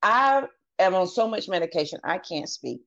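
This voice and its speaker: A woman guest on a podcast tells her personal story earnestly and candidly, acting out what others said in her own voice. Her voice is lowish, animated and fairly bright in tone, at a moderate pace. The audio is dull and lo-fi.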